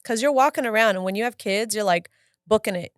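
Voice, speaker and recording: A woman's voice: mid-range voice, quick pace, clear, resonant tone, dry recording, clean studio sound. A woman in her forties co-hosting a live podcast in casual chat, bubbly and teasing, laughing often. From Southern California. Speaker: podcast co-host.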